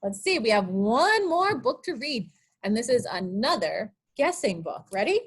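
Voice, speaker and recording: A woman with a high, bright-pitched voice that leaps up and down as she reads picture books to small children. She is a children's librarian at an online storytime, coaxing them with sing-song guessing questions. Her delivery is unhurried. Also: sing-song, husky.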